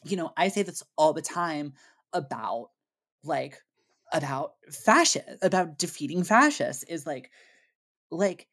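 A low-pitched woman co-hosting a podcast, talking casually. She rants emphatically and swears freely, piling on point after point. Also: sing-song, unhurried, fairly bright tone. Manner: profane, emphatic ranting. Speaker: podcast co-host. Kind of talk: casual chat.

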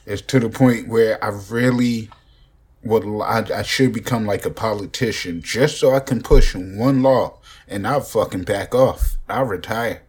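A man's voice: lowish voice, darkish tone, slightly rough. A young man rambling profanely and joking in a casual podcast monologue, recorded on a phone. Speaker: podcast host.

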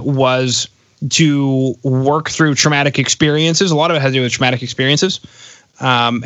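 A man's voice: mid-range voice, a bit bright, no room sound. A man in his thirties hosting a podcast interview, talking in a rambling, reflective way with jokes mixed in. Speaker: podcast host. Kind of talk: casual interview chat. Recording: dull lo-fi, dry close sound.

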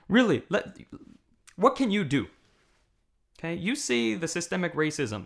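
A male pastor with a gravelly, creaky voice gives a recorded sermon to camera. He talks conversationally, checks in with his listeners as he goes, and swells into fervent emphasis. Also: mid-range voice, big pitch swings, moderate pace, pauses often, a bit bright. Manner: conversational preaching, rising to impassioned emphasis; frequent checking "okay?" with listeners. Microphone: camera mic.

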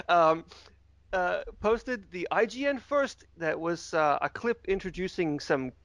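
A man hosting a casual gaming podcast, jokey and excitable, laughing often. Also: high voice, takes it slowly, dry recording. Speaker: podcast host.

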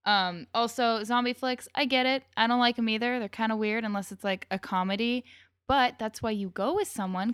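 A woman's voice: a little high, fairly even intonation, brisk, a bit bright, clear, resonant tone, no echo, studio quality. A woman guest chatting and joking while recapping a TV episode, reading from her notes. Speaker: guest co-host. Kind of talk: casual chat recapping a TV episode.

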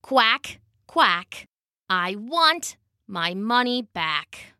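A small, waterlogged duck from a storybook, quacking weakly yet refusing to give up, as a woman plays him. His voice is slow and mellow. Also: on the high side, sing-song, dry recording, clean studio sound, full character voice. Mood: stubborn. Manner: weak, persistent quacking. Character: brave little male duck, stubborn.

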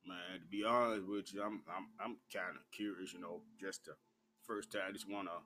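A man voicing a hesitant, curious man who mumbles and halts over his words in a low, quiet voice. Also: fairly even intonation. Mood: sheepish. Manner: mumbling, halting, repeats words.

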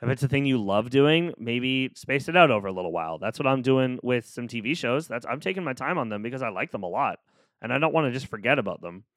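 A man's voice: medium pitch, expressive, fast, a bit bright, dry recording, clean studio sound. A man hosting a solo podcast, talking casually and cheering the listener on in a playful, upbeat way. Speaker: podcast host. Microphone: close studio microphone.

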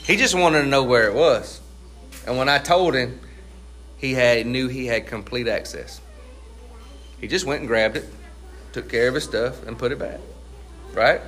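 A middle-aged pastor delivers a sermon with emphasis, posing questions to the congregation and answering them himself. He stretches key phrases slowly to give them weight, and his voice is medium in pitch with a fairly bright tone.

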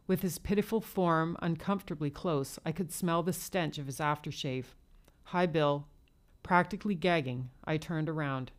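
Low-voiced woman narrating an adult story. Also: moderate pace, hardly any pauses.

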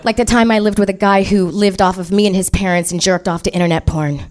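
A woman telling a comic ghost story to an audience, animated and profane, often laughing as she talks. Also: mid-range voice, fast talker, crowd noise.

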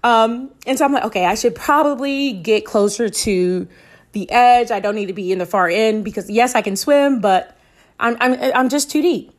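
At normal speed and a slightly high pitch, a twenty-something woman recounts a personal story on her podcast. She keeps it casual, performing her own quoted lines and laughing along.

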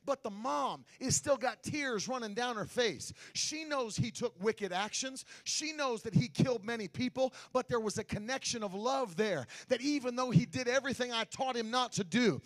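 A middle-aged man preaching a sermon, swinging from shouted, sing-song lines to quiet, close talk. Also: very high voice. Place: church sanctuary.

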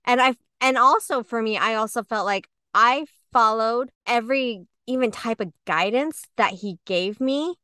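A woman co-hosting a podcast, telling her story in a candid, animated way and acting out what people said. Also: on the high side, moderate pace, hardly any pauses, clean tone, no echo. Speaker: podcast co-host. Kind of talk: candid conversational podcast talk.

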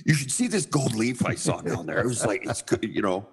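A man's voice: medium pitch, a little fast, breathy edge. A middle-aged man from Minnesota, a sign painter telling a story in casual conversation and acting out the voices in it. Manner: animated, acts out voices in his anecdotes.

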